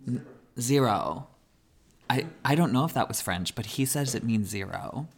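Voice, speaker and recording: A woman co-hosting a podcast in casual chat, chatty and quick to laugh, often repeating herself. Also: a bass voice, animated. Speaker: podcast co-host.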